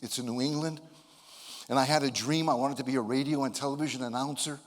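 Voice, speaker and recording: A man's voice: mid-range voice, fairly even intonation, fast. An older man giving a motivational talk, telling stories in a playful, self-deprecating, humorous way. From United States (Connecticut). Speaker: speaker. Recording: long hall reverb.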